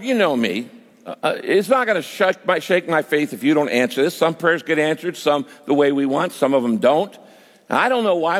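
A male pastor preaching a sermon, telling a personal story with quoted prayers and lively shifts in pitch. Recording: long hall reverb.

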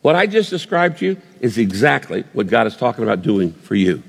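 A man preaching a sermon, telling a vivid story with pauses and restarts. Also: fairly low pitch, sing-song, creaky, husky, in a large hall. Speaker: pastor.

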